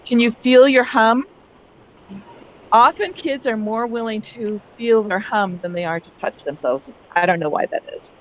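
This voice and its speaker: A woman leading an online teacher workshop over a video call, animated and demonstrating sounds herself. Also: on the high side, a little slow, a little hiss or hum. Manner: animated, acts out calling for help. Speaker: teacher trainer.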